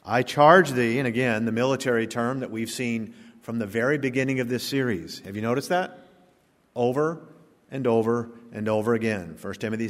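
A male pastor preaching a sermon, emphatic, slowing down to stress key words and swinging from quiet to loud. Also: mid-range voice, big-room sound.

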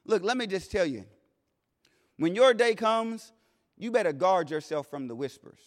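A man preaching a sermon in a plain-spoken way, swinging between loud declarations and hushed asides. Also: high-pitched, lively intonation, moderate pace. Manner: plain-spoken, vernacular phrasing. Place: church sanctuary. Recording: long reverb of a large hall.

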